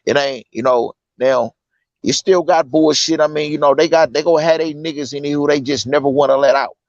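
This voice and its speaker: A fairly high-pitched, darkish voice comes from an incarcerated man from California, talking fairly quickly with fairly even intonation. He's a guest in casual conversation, insistent and earnest, heavy on loose slang and fillers like "you know what I'm saying," recorded dull and lo-fi with no room sound.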